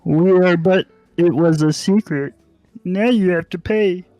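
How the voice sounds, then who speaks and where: A man shouting as a raging teen echidna. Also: sits high, unhurried, no echo, soft background music, pitched above the performer's own voice. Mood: enraged. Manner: yelling, threatening. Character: furious hot-headed teen male echidna.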